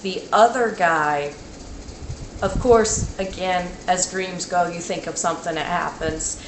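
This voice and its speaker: Woman vlogging about a dream, slow rambly halting talk, lots of like, echoey room. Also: fairly low pitch. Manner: halting and rambling, full of "like" and restarts. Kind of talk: casual spoken dream recounting. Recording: echoey room with faint noise.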